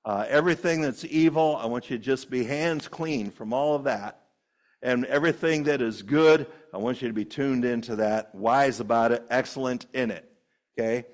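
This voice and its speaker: Guy pastor preaching a sermon in church, chatty, lots of uh and little laughs, middle pitch. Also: normal speed. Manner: conversational, fillers and repeated phrases, chuckles often. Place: church sanctuary.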